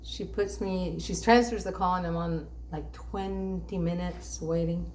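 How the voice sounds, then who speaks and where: A woman's voice: fairly low pitch, steady tone, a little slow, darkish tone, a little hiss or hum. A woman telling an exasperated story about being passed between customer service agents, acting out the quoted lines. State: sleep-deprived. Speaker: dissatisfied bank customer. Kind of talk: ranting vlog monologue.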